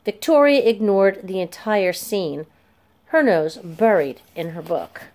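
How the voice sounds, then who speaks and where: A woman narrating a children's chapter book aloud in a clear, steady storytelling voice. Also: mid-range voice, slow pace.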